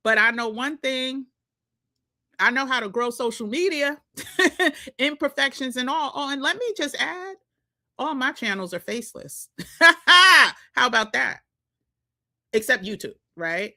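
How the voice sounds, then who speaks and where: A woman's voice: high voice, moderate pace, pushed and bright. A woman with a New York accent, coaching viewers in a chatty vlog, laughing often. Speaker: social media coach. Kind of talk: casual vlog talk to viewers.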